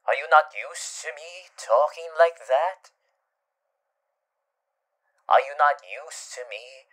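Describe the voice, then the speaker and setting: A man voicing a teasing male vampire demon husband in a whispered role-play, flipping between soft whispers and loud playful exclaims. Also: mid-range voice. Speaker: voice actor.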